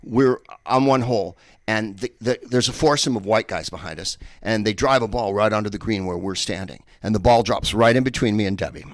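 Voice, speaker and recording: A stand-up comic from San Francisco rambles through a set from home, his voice sitting a little low. He talks into an earpiece headset with lots of ums and restarts. The sound is dry and close. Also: fairly quick, few pauses, no room sound. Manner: rambling, digressive delivery with many fillers. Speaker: stand-up comedian. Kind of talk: stand-up set over a video call.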